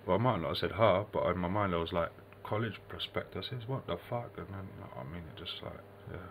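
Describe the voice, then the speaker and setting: A man's voice: deep voice, fairly even intonation, very fast, gravelly, slight background noise. A man from the United Kingdom rambling in a vlog monologue, swearing constantly and muttering asides to himself.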